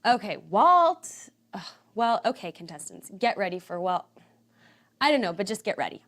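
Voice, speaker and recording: A woman hosting a comic quiz show in a brisk, exasperated way. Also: medium pitch, very animated, a bit bright.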